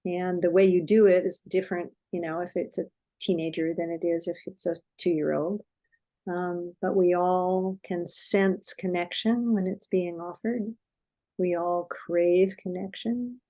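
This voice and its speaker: An older woman, a parenting expert, talking gently and explaining with a story in a soothing, unhurried way. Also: lowish voice, steady tone, rough recording. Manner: gentle, soothing, unhurried with soft reassuring quotes.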